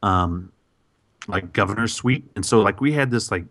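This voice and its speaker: A man's voice: lowish voice, normal speed, no echo. Man telling a story, dry close mic. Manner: animated, lots of fillers and restarts. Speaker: podcast host. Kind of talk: casual storytelling.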